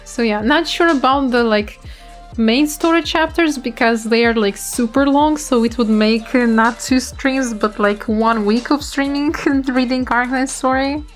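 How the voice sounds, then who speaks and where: Young woman streamer reading a story and chatting, bit high voice, soft music behind. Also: a little slow. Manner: chatty, loose, with small restarts. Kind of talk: reading a game story aloud, then casual chat.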